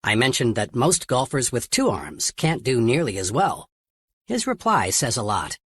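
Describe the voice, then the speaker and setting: Husky-voiced man narrating an audiobook. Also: mid-range voice, big pitch swings, normal speed, fairly bright tone, no echo.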